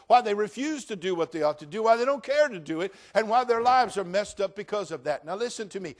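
A middle-aged male pastor preaching a sermon, shifting from quiet storytelling to loud exhortation. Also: high voice.

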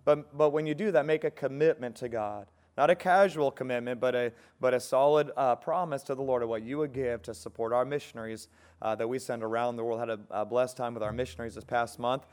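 A man with a Californian accent gives church announcements as pastor. He speaks in an easygoing, halting way, with frequent fillers and restarts, before bringing up the guest preacher. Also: mid-range voice, darkish tone, clean tone. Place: church sanctuary.

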